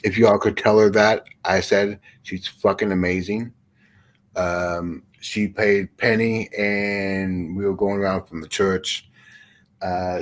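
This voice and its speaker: A man chatting casually, rambling with many fillers and frequent swearing. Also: low-pitched. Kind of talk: casual chat.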